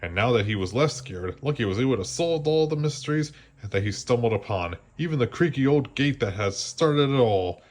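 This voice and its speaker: A man reads a bedtime picture book aloud to children at a medium pitch. He keeps his narration gentle and slows down at the suspenseful moments. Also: lively intonation. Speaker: storybook reader.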